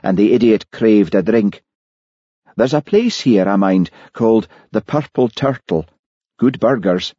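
A man's voice: lowish voice, expressive, a little slow, warm tone, husky, dry recording. A male narrator voicing a wry, teasing middle-aged policeman with a Scottish accent in an audiobook. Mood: dry. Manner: dry, teasing. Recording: dull lo-fi audiobook recording.

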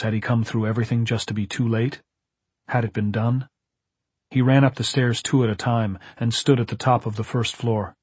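A male audiobook narrator with a husky, slightly breathy voice reads in a measured, dramatic way. The recording is close and dry, with no room sound. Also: mid-range voice, a little mellow, no echo. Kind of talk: scripted narration.

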